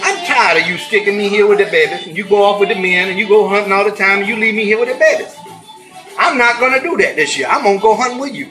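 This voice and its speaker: A man's voice: high voice, quick pace, pushed and bright, faint music behind. A man voicing a stubborn country wife in a told joke, speaking insistently and defiantly.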